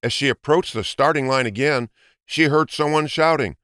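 A man reading a children's story aloud in an expressive, lilting way. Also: mid-range voice, moderate pace, dry recording, clean studio sound. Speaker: narrator. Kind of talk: storybook narration.

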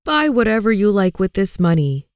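A woman's voice: medium pitch, sing-song, moderate pace, a little mellow, dry recording, clean studio sound. A woman voicing a generous wealthy old man in a storybook reading. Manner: generous, smiling.

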